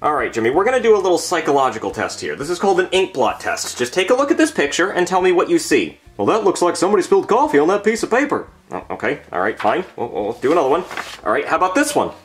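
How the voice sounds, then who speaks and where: A man's voice: on the high side, very animated, fast, faint music behind. A man giving an exasperated, swearing comedic rant in a puppet skit. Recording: roomy echoey room.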